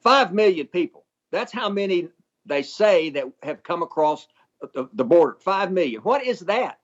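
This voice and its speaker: A man's voice: high voice, very animated. Folksy older man on a dull line. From Texas. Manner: deliberate, folksy, emphatic, with dry humor. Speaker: guest, former congressman. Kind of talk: phone-in interview.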